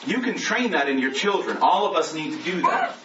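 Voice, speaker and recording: A man's voice: fairly high pitch, big pitch swings, brisk, bright, forceful tone. Man, pastor, sermon, rhetorical questions, lo-fi, noisy. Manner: conversational, asks rhetorical questions. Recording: roomy echo, distant mic, lo-fi with noise.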